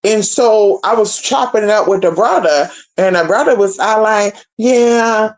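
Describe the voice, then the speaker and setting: A young woman telling a story to her viewers in a casual, profane, animated way, calling them y'all and girl. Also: mid-range voice, moderate pace. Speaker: spiritual practitioner.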